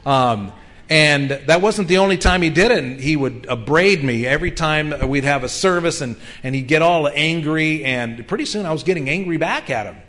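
A man's voice: on the high side, animated, normal speed, fairly bright tone. A man in his fifties preaching a sermon in an earnest, conversational way, with frequent ums and restarts. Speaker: pastor.

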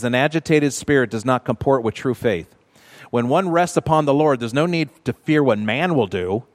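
Earnest preacher in an echoing hall. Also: male voice, mid-range voice. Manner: earnest teaching, repeating short commands slowly. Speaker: pastor. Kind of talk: sermon. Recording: long reverb of a large hall.

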